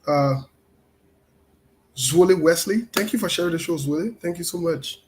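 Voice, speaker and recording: Guy running a live show, a bit high pitched, keeps shouting out viewers' names. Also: normal speed, a little hiss or hum, poor audio. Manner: repetitive, greets viewers by name. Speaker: show host. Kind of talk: casual live-stream talk.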